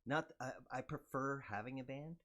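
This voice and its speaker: An older man, a musician, chatting casually in a humble, soft-spoken and agreeable way. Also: medium pitch, normal speed. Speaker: musician guest. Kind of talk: casual conversation.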